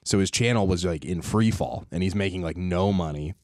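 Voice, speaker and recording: A man, a comedian guest on a podcast, telling stories in relaxed casual chat and laughing often. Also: low-pitched, a little fast, no echo, clean studio sound. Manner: laid-back storyteller, laughs often.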